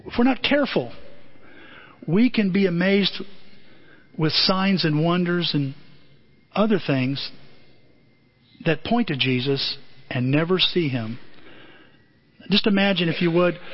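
A male pastor preaches with a high, lively voice and tells stories with animation, slipping into the voices of the people in them. The recording is slightly muffled. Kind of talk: sermon.

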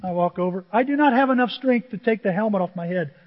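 A high-pitched middle-aged man preaching from the pulpit, mixing jokes and personal stories with lively asides to his congregation. The sound is muffled and dull, with a long reverb trailing off the walls of a church sanctuary. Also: quick pace. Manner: humorous storytelling, animated asides to the congregation. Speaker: pastor. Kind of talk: sermon.

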